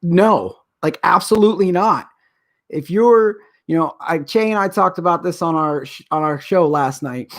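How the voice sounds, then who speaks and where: A man's voice: fairly high pitch, normal speed, a bit bright. A middle-aged man hosting a live stream, ranting in an agitated, rambling way. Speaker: show host. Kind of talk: casual live-stream rant.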